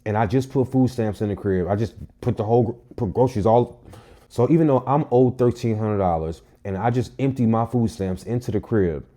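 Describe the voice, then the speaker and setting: Low, warm-voiced man telling a story. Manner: animated, profane, emphatic storytelling. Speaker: vlogger. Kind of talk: casual storytime monologue.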